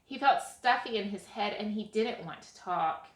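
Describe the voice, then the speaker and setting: A woman reading a children's picture book aloud in an expressive way as storyteller. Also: mid-range voice. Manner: expressive, slow read-aloud. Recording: echoey room.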